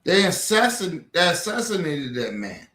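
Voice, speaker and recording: A man in an angry, profane rant, repeating himself, swearing constantly, swinging from near-shouts down to low mutters. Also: very animated, normal speed, reverberant. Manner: heated, repetitive, swears constantly, rising to near-shouts then dropping low. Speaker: streamer ranting on camera.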